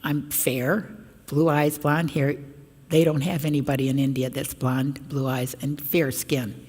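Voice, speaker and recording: An older woman, a religious sister, giving an animated storytelling talk to a congregation at a parish mission, acting out the people in her stories. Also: extremely low pitch, unhurried, breathy edge. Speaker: guest speaker at a parish mission. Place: large church. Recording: reverberant church hall.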